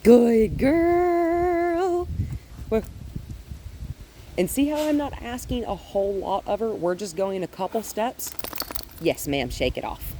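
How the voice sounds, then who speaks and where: A woman dog trainer talks through a leash-walking session outdoors, her mellow voice swinging widely between calm explanation and bright praise. Faint wind sits behind her. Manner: explains calmly, then praises the dog in a high, happy voice. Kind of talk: hands-on training demonstration. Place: outdoors in a yard with trees.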